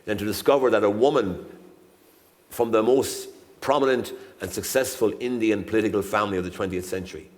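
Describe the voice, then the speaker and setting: A man, a guest ambassador telling a story in a relaxed, rambling, self-deprecating way. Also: sits low. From Ireland. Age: 60s. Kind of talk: anecdotal storytelling on stage. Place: university lecture hall. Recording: reverberant lecture hall.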